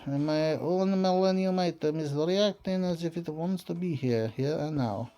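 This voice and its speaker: A man voicing a mysterious male mystic with a put-on foreign accent, reading slowly and hushed. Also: fairly high pitch, lively intonation, soft background music, natural voice. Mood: solemn.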